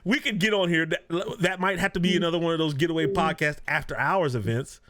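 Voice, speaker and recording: A man co-hosting a podcast in casual chat, ranting with animated energy and laughing often. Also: fairly high pitch, fast talker, a little hiss or hum. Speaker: podcast co-host. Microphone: video podcast mic.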